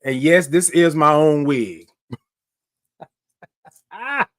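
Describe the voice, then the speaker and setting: A man's voice: on the high side, sing-song, extremely slow. A man hosting a live morning show, chatting casually with viewers, talking to them directly and often repeating himself. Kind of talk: casual livestream chat.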